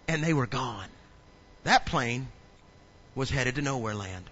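A man pastor preaching a sermon, telling funny stories and building up to loud preaching. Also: mid-range voice, huge pitch swings, moderate pace, pauses often, lo-fi sound. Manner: humorous storytelling, acts out little scenes.

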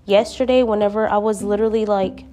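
A young woman speaks in a relaxed, conversational way, dropping slang as she reflects on faith. Her voice has a warm, mellow tone without brightness. Soft plucked-string music plays faintly underneath. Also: medium pitch, quick pace. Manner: slangy, conversational, with frequent "dude" and "bruh". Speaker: vlogger sharing faith reflections. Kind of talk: casual spoken reflection.

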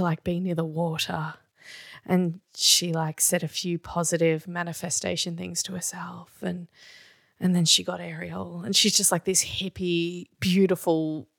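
A woman's voice: fairly low pitch, fairly bright tone, dry recording. A woman co-hosting a podcast, chatting enthusiastically and laughing often. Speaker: podcast co-host. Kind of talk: casual chat about musical theatre.

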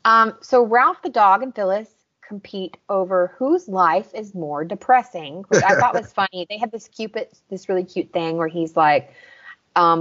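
A young woman from the American South, co-hosting a podcast, talks at normal speed in a medium-pitched, fairly bright voice. Chatty and casual, she reviews episodes by recapping scenes, quoting lines and saying "like" often, over slightly dull lo-fi audio.

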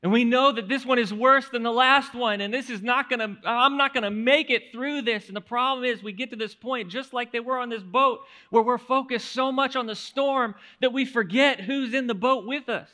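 A male pastor preaching a sermon in an animated storytelling manner, often restarting his words. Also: very high voice, moderate pace, hardly any pauses.

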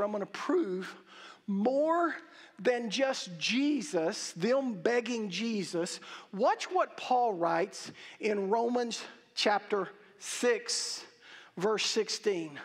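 High-pitched emphatic preacher in an echoey hall. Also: male voice. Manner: emphatic, halting restarts, drawn-out stresses. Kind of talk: sermon. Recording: reverberant hall.

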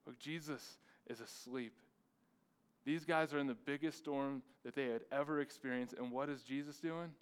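A man's voice: mid-range voice, fairly even intonation, moderate pace, clear, resonant tone, rough recording. A man, the lead pastor, preaching a sermon with emphatic repetition and rhetorical questions.

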